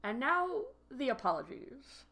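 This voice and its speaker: A woman's voice: high-pitched, sing-song, measured pace, pushed and bright, heavily acted. A woman voicing a polite male space cat pilot, with a weak stab at a Scottish lilt and no real brogue. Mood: polite, formal. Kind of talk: podcast story read-along voicing.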